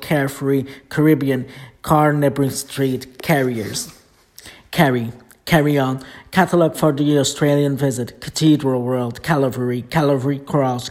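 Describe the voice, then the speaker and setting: A man recites a long alphabetical list of titles, one item at a time. His delivery is steady and list-like, with almost no rise or fall in pitch. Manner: flat, steady list reading.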